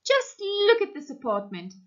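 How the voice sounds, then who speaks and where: A woman voicing a big, motherly woman who wails and gushes in a high voice, read aloud from a short story. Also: huge pitch swings, measured pace, fairly bright tone, full character voice. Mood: fussing. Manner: wailing, high and gushing. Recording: muffled lo-fi recording.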